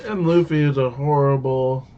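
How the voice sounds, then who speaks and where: A man's voice: mid-range voice, steady tone, normal speed, warm tone, smooth, highs cut off. A man chiming in with short remarks and laughs during a casual show recap. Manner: brief interjections, laughs. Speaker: co-host. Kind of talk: casual chat.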